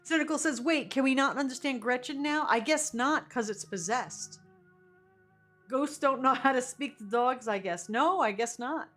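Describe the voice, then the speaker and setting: A woman's voice: a little high, fairly bright tone. A woman streaming a video game live, chatting casually with viewers and laughing often as she drifts into rambling asides.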